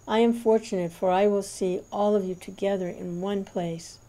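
A man's voice: high voice, steady tone, normal speed, warm tone, rough recording. A woman reading as a weeping humble devotee. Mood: earnest. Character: humble male devotee messenger, weeping with joy.

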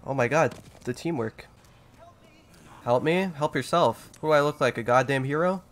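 A man giving casual let's-play commentary, excitable and profane, trash-talking the game as he plays. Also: medium pitch, moderate pace, slight background noise. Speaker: gaming YouTuber.

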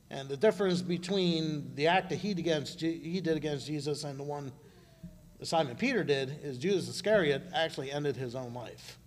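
A man giving an informal sermon at a church service, talking in a halting way with frequent restarts. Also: fairly high pitch, a little hiss or hum. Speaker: church speaker. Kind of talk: conversational sermon. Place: church service, live broadcast.

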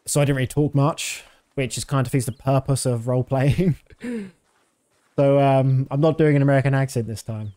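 Man, 30s, streamer, casual game talk, rambling, middle pitch. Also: moderate pace. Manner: rambling, relaxed, many fillers. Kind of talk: casual gameplay commentary.

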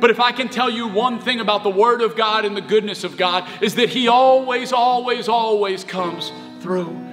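In a high-pitched, fairly quick voice, a young man preaching as pastor tells a personal story with heartfelt sincerity. He's in a church sanctuary, its echoing hall softened by quiet music.

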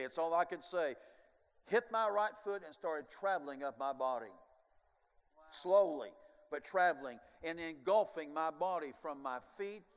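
Older man preaching a lively testimony. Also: fairly high pitch. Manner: animated storyteller, swings from hushed to loud, chuckling asides. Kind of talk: sermon testimony storytelling. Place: large church sanctuary. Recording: long reverb of a large sanctuary.

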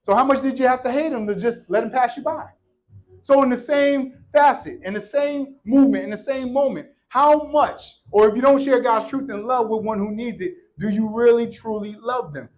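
Male church preacher, thirties, bright high voice, jokes and shouts. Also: moderate pace, rough recording. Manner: animated, joking, swings from shouting to hushed. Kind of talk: sermon.

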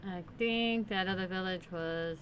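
A woman's voice: on the low side, a little slow, a little hiss or hum. A woman host casually commenting on her Minecraft play, chatty and playful, talking to the game's characters. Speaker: gaming channel host.

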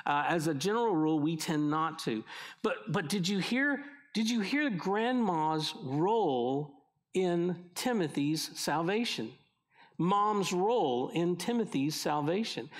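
A middle-aged man is preaching a sermon, and his voice sits a little higher than most men's. He talks to the congregation in a conversational way, often doubling back and restarting his sentences. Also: lively intonation, measured pace. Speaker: pastor.

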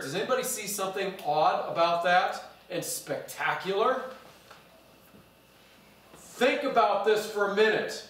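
A man's voice: sits high, animated, measured pace, long pauses, a bit bright. A man preaching a sermon as pastor, reading scripture and stretching out key words for emphasis. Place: church. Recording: echoey church from a distance.

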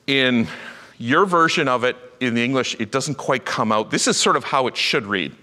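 Emphatic preacher man with a bright voice. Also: medium pitch, normal speed, in a large hall. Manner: animated and emphatic storytelling. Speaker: pastor. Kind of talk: sermon. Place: church sanctuary.

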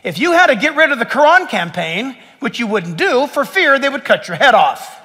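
High, animated preacher man in a hall. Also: normal speed. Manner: preaching with animated, rising emphasis. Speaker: pastor. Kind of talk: sermon. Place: church hall.

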